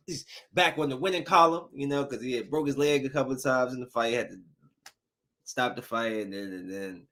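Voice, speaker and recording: A man's voice: medium pitch, brisk. A man hosting a solo podcast, chatting loosely and acting out quotes in a studio. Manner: loose and animated, acts out quotes. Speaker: podcast host. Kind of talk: casual solo podcast chat. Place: home recording studio. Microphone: studio mic.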